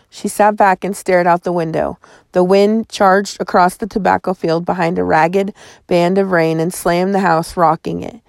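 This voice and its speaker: A woman's voice: fairly low pitch, fairly even intonation, moderate pace, creaky, no room sound, clean studio sound. A woman reading a story aloud as an audiobook narrator, in vivid first-person storytelling. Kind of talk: scripted narration.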